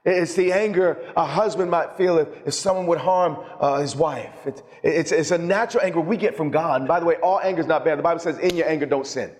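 Male preacher, higher-pitched, fervent and emphatic with stumbling repeats, long hall echo. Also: a little fast, hardly any pauses. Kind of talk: sermon.

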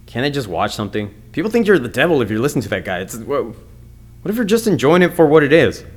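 Excitable, profane male podcast host. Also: mid-range voice, quick pace. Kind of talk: casual solo podcast monologue.

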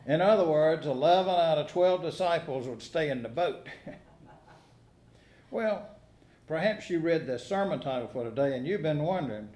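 The recording, made in an echoey sanctuary, features a pastor whose sermon mixes folksy stories, dry humor and rhetorical questions for the congregation. His voice is a little high and slightly mellow, expressive, at normal speed.

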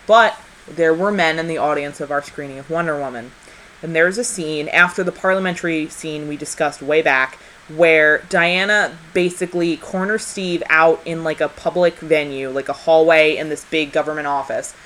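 Brief: deep-pitched woman co-host, emphatic, heartfelt casual review talk. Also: fairly even intonation, normal speed, a bit bright, slight background noise, rough recording. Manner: passionate, emphatic, repeats for stress. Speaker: podcast co-host. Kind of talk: casual film review chat.

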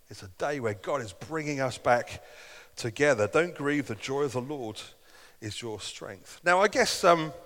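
A man's voice: medium pitch, fairly bright tone. Man, middle-aged, pastor, sermon, earnest conversational delivery, long hall echo. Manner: earnest, conversational preaching with dramatic quoted asides.

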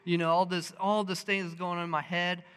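A man's voice: high-pitched, fairly quick, clear, resonant tone, in a large hall. A man preaching a sermon, telling personal stories with lots of fillers and restarts, acting out what people said. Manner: animated, acts out quotes, many fillers and restarts.

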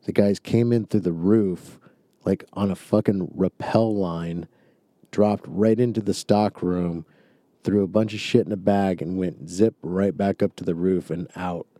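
Laid-back guy, real dark mellow voice, dry close sound, telling a break-in story. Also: sits low, fairly even intonation, measured pace, dry recording. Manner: laid-back, swears casually. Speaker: former retail manager. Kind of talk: casual chat.

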